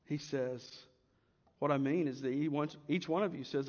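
A man preaching a sermon as pastor, swinging between loud emphasis and hushed asides. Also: fairly high pitch, normal speed, long reverb tail, lo-fi sound.

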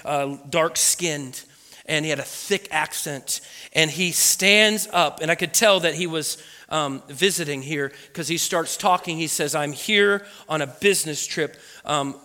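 A man preaching a personal testimony, telling the story with animated energy and acting out what people said. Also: a little high, long reverb tail. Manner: animated storytelling, acts out quotes. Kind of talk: sermon testimony.

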